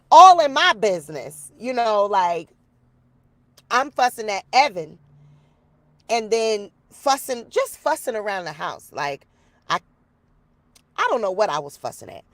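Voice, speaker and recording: A woman's voice: medium pitch, slow pace, long pauses, no echo. Chatty woman telling a story, dry sound. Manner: chatty, animated storyteller addressing viewers as y'all. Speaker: YouTuber. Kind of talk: casual storytelling vlog. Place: outdoors in the rain.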